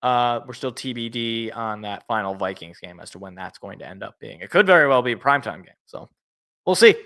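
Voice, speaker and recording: Bright-voiced man hosting a sports show. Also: on the low side, expressive, a little fast. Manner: rambling, self-correcting, laughs at own jokes. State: voice feels worn out. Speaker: sports podcast host. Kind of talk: casual sports talk show.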